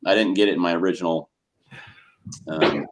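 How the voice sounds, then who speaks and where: Laid-back man, very deep voice, casual co-host. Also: normal speed. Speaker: podcast co-host drawing while chatting. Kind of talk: casual chat.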